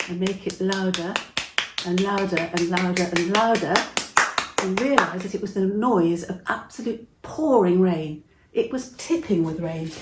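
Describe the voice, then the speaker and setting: A woman's voice: fairly low pitch, roomy sound, noisy background. Older woman telling children a story. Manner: warm, interactive, asks children questions.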